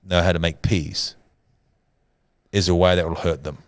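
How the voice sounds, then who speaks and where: Middle-aged male co-host, very deep and dry, a dramatic storyteller. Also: fairly even intonation, moderate pace, no echo. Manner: dramatic storyteller, acts out quotes. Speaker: church podcast co-host. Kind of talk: casual storytelling chat.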